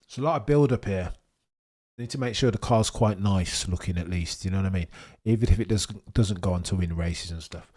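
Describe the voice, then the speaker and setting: A man with a fairly low voice hosts a live watchalong, rambling from one thought to the next. He jokes and gets excitable while he talks to his chat, sometimes with food in his mouth. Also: a little fast. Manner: eating while talking. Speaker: livestream host.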